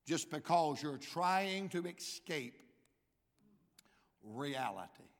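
A man voicing a scoffing, dismissive skeptic, lower and quieter than his preaching voice, in a reverberant hall. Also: expressive, slow.

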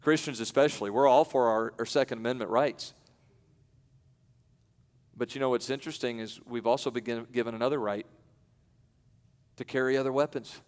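A male preacher delivering a sermon that drifts between chatty, half-finished asides and sudden high, forceful bursts of emphasis. His voice sits at an ordinary middle pitch. It rings with a long hall reverb. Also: steady tone, normal speed, pauses often. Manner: swings from loud emphatic peaks to quiet asides; conversational, with self-interruptions and light laughs. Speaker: pastor.

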